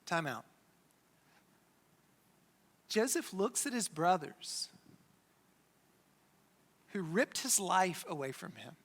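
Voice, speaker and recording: A pastor preaching a sermon, retelling a scripture story with dramatic pauses and dropping low for emphasis. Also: very animated. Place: church sanctuary. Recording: long church hall reverb.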